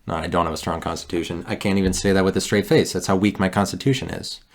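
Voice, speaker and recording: A man hosting a solo podcast, talking in a meandering, halting way with many restarts and a wry, self-mocking streak. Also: sits low, steady tone. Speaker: podcast host. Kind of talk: rambling solo podcast monologue.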